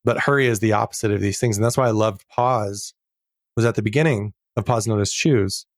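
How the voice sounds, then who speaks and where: Low gravelly earnest man, podcast guest. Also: no room sound, studio quality. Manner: earnest, reflective, slows down on key words. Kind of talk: casual interview conversation.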